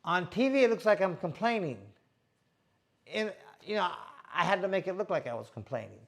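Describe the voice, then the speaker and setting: A middle-aged man, a boxer hosting a show, telling stories in a casual, animated, slangy way and acting out what people said. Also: high voice, fairly quick, gravelly. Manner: animated, slangy, acts out quotes. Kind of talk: casual storytelling chat.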